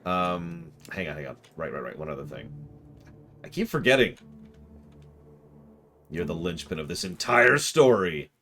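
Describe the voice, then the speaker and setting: A man's voice: deep voice, expressive, unhurried, pauses often, a bit bright. A man streaming a game and chatting with his viewers, rambling as he works through puzzles aloud. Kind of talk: casual livestream commentary.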